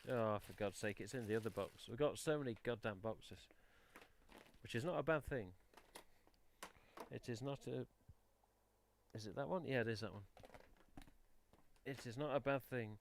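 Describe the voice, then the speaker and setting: This collectors' live stream host has an English accent and a mid-range voice with vocal fry, talking at a moderate pace with long pauses. He chats and swears lightly while sorting through boxes on a headset mic, and there's a faint hiss or hum.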